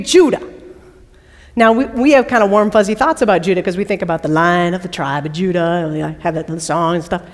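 A woman preacher delivers a sermon in a big worship hall, her fairly high voice carrying a long reverberant tail. She tells the story with lively, playful asides and quizzes her listeners as she goes.

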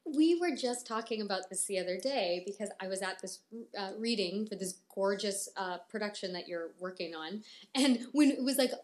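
A woman's voice: mid-range voice, animated, moderate pace, darkish tone. A young woman co-hosting a casual chat, candid and reflective, often laughing as she talks. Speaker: podcast co-host.

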